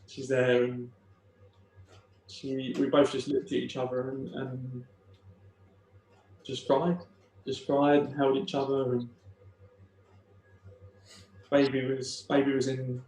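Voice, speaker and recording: A young man tells a deeply personal story, his voice quiet and flat in tone. He stumbles and restarts often as he speaks. The room around him sounds noticeably echoey. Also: slight background noise. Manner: halting, emotional retelling with many restarts. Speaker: podcast guest.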